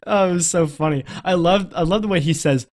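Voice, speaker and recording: A man's voice: on the high side, fairly quick. A man co-hosting a casual podcast, chatting about a comedy film with frequent laughs and fillers. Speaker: podcast co-host.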